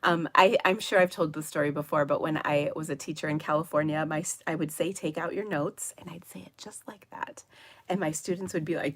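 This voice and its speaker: A woman's voice: low voice, steady tone, fairly quick. A middle-aged woman, hosting a casual live stream and chatting with viewers in a giggly, rambling way. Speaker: livestream host of a papercraft show. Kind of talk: casual live chat reading viewer comments.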